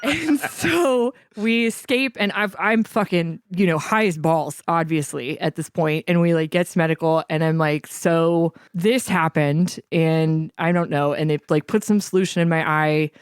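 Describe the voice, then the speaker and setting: Smooth, animated woman telling a story. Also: on the low side, moderate pace, hardly any pauses, dry recording, clean studio sound. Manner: animated, profane, acts out quotes. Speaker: podcast co-host. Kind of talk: casual storytelling.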